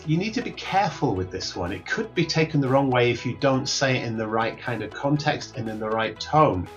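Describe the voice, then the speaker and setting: A man's voice: mid-range voice, lively intonation, a bit bright, highs cut off, soft background music. Man teaching English phrases. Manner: clear, explanatory, repeats example phrases slowly. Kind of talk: recorded English lesson.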